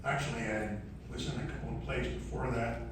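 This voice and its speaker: An older man, a guest on a convention panel, telling stories from his career in a slow, chuckling, self-deprecating way, a little out of breath. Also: mid-range voice, fairly even intonation. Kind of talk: convention Q&A storytelling. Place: large convention hall. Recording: echoey hall, distant mic, noisy.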